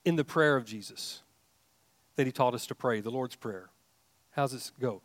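A man's voice: mid-range voice, moderate pace, no room sound. A man preaching a sermon, emphatic, with rising questions and frequent restarts. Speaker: pastor.

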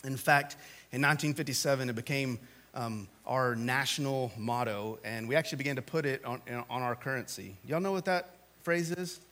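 A man preaching a sermon, talking to the congregation in a casual way, with loud, animated bursts of emphasis. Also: medium pitch, normal speed. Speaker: pastor.

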